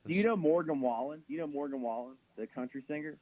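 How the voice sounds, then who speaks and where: A man's voice: a little high, fast. A man hosting a radio comedy show, telling jokey stories in casual banter and acting out quotes. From American South. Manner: animated storyteller, acts out mocking quotes, laughs a lot. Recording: slightly dull radio broadcast audio.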